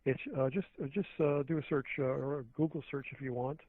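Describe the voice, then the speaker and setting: A man calls in as a talk radio guest and rambles on earnestly, restarting his sentences as he goes. His voice sits at an ordinary pitch, and it comes through a thin, tinny phone line with a dry sound. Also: steady tone, brisk, no echo.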